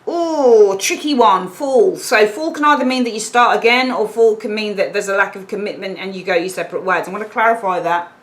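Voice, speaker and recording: A woman's voice: mid-range voice, fairly quick, hardly any pauses, slight background noise, poor audio. Chatty woman reading tarot. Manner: chatty, emphatic, repeats points, acts out little quoted exchanges. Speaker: tarot reader. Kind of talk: casual tarot reading to camera.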